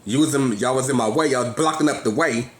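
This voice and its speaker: A man's voice: medium pitch, brisk, reverberant. Agitated man in his thirties ranting. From California. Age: 30s. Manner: agitated, rambling, swings loud and soft. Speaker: vlogger. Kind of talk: casual rant to phone camera. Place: grocery store. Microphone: phone.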